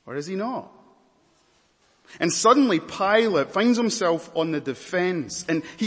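A man's voice: a little high, animated, measured pace, fairly bright tone, big-room sound. A man preaching a sermon in a dramatic, emphatic manner, stacking up repeated words and lists.

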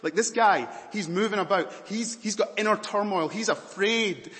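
A man's voice: high-pitched, animated, a little fast, hardly any pauses, fairly bright tone, in a large hall. A man preaching a dramatic sermon in a church, questioning the congregation intently.

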